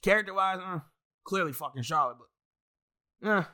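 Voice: mid-range voice, moderate pace, bright, forceful tone. A wrestling fan in a casual, profane rant full of exasperated asides and heavy swearing.

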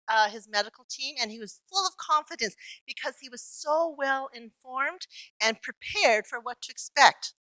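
A woman preaching a sermon, telling a personal story in an earnest, reflective way with slow emphatic pauses. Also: a little high, bright, forceful tone, no room sound, rough recording.

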